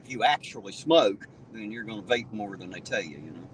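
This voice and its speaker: A man's voice: fairly low pitch, expressive, fairly quick, recorded from a distance, a little hiss or hum. A man hosting a livestream from his car, chatting casually and cursing freely, from Ohio. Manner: cursing, rambling, chuckling. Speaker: auditor livestream host. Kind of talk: casual chat while driving. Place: inside a car at night.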